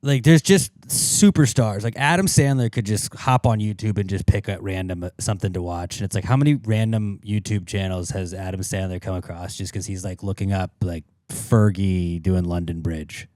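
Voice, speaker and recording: Low-voiced joking podcast co-host man. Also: moderate pace, few pauses, darkish tone, dry recording, studio quality. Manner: joking, swears often. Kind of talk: casual podcast banter.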